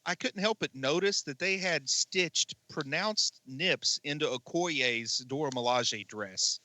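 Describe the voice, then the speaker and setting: A man co-hosting a movie podcast, chatting casually and voicing strong, animated opinions. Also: fairly high pitch. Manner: animated, opinionated, quick jokes. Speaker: podcast co-host.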